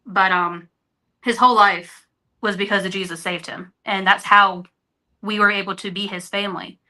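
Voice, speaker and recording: A woman's voice: mid-range voice, fairly even intonation, normal speed, sharp tone. A woman guest on a podcast, speaking earnestly and openly in candid conversation. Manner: earnest, openhearted storytelling. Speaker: interview guest.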